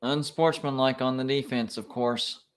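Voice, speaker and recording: A man streaming live reactions to college football games, excitable and quick to complain like an emotional fan. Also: medium pitch.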